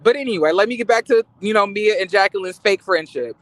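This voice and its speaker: A man with a very high voice dishes sassy, profane gossip about reality TV. He rambles, restarts his sentences and throws shade, and the sound is close and dry. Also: quick pace, a bit bright, dry recording. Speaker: reality TV commentator. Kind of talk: casual gossip commentary.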